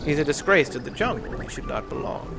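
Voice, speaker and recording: A menacing tiger, as a man puts him on, his voice dropped low and soft, with threats spoken quietly. Music plays underneath. It is comic improv. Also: animated, fast talker, vocal fry. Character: menacing tiger, male adult.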